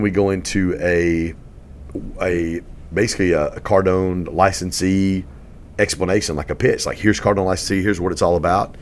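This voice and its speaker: Middle-aged guy with a real low voice, animated storyteller on a podcast, faint hiss behind. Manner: animated storyteller, grows loud and high when excited. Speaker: podcast guest, real estate coach. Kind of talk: storytelling in a casual interview.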